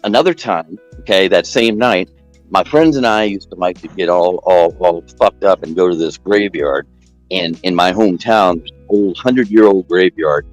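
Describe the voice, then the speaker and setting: Rambling low-voiced man telling a story. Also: normal speed, no room sound, soft background music, low-quality recording. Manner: rambling, animated, raises pitch for quoted voices. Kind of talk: casual storytelling.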